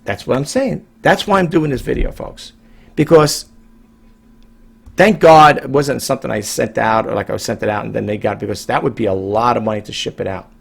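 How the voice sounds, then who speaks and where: A man's voice: medium pitch, a little fast, creaky, husky. A middle-aged man from New York, talking casually to his viewers in a rambling, emphatic way, repeating himself and restarting his sentences. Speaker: online reseller vlogger. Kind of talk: casual monologue to camera.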